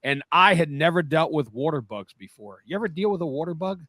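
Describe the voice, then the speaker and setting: A middle-aged man from New Jersey with a fairly high voice, chatting casually on the radio. He tells long rambling stories, breaking off and restarting, recorded close and dry. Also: lively intonation, brisk, bright, forceful tone, no room sound. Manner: rambling storyteller, self-interrupting.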